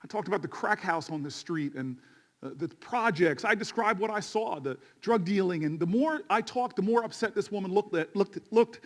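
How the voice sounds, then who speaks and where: A man giving an impassioned rally speech, telling a story and building to shouted refrains. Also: high-pitched, lively intonation, normal speed. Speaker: politician.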